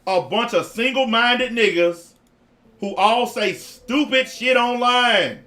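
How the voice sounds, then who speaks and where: A man's voice: very high-pitched, slow, bright, forceful tone. A man giving blunt, profane reaction commentary in a repetitive rant.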